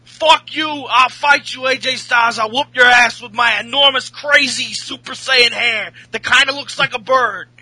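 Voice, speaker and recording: A man putting on a brash male wrestler who boasts in a loud, ranting voice. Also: very high voice, normal speed, few pauses, dry recording, pitched above the performer's own voice, heavily acted. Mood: boasting.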